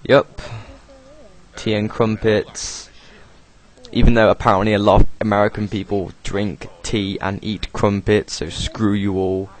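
A young man with a British accent talks loosely over his own animation, his voice sitting a little low. He rambles, swears offhandedly and laughs at his own asides, like a casual home voice-over. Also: little pitch movement, measured pace. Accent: British English. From Britain. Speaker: video creator doing commentary.

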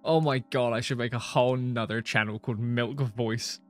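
A man's voice: medium pitch, steady tone, normal speed, soft background music. A young man reading a visual novel aloud and reacting to it, with casual talk, frequent swearing and laughs between lines. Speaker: gaming streamer.

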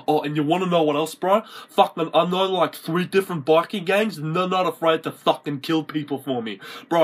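A man playing a hot-tempered young Australian lad in a comedy sketch, shouting swear-filled threats. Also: medium pitch, husky, close to an everyday voice.

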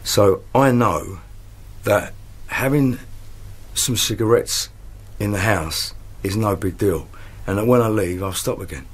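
Man, slightly low, husky, earnest and halting. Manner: earnest, stumbling repetitions. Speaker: reality show housemate. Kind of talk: earnest personal talk.

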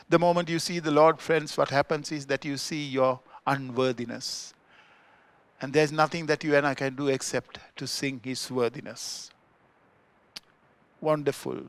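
A male pastor with a Sri Lankan accent delivers a sermon in a fairly high voice. He swells into loud, emphatic declarations and then drops to hushed, low remarks. The sound is close and dry, with almost no room echo. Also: steady tone, normal speed. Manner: swings between loud emphatic peaks and quiet low asides. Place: church.

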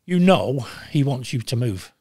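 An older man in his sixties, talking bluntly and with lots of swearing in a casual interview, telling animated stories. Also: mid-range voice, measured pace, breathy edge, no room sound, studio quality. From Wales. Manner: blunt, profane, animated storytelling. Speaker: guest, former goalkeeper.

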